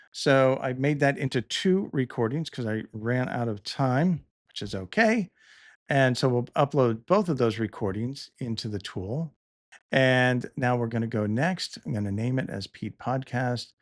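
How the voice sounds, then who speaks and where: A middle-aged man talks through a tutorial in an easygoing voice, thinking aloud and correcting himself now and then. He sits close to the mic in a dry room. His voice has an ordinary middle pitch. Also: unhurried, no echo. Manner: relaxed, thinking aloud with small restarts. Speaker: podcast host demonstrating tools. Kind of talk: casual tutorial narration.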